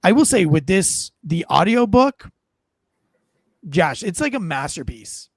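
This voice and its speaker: A man hosting a podcast in casual chat, rambling and animated, often poking fun at himself, on a close studio mic. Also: sits high, measured pace, dry recording. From North Carolina. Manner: rambling, animated, self-deprecating. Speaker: podcast host.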